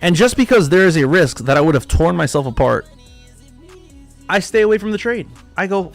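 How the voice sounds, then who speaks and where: A man with a gravelly, somewhat high voice hosts a live trading stream. He rants emphatically and profanely and hammers his points through repetition. Faint music plays behind him. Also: sing-song, moderate pace, long pauses. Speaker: livestream trading host. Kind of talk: casual livestream rant.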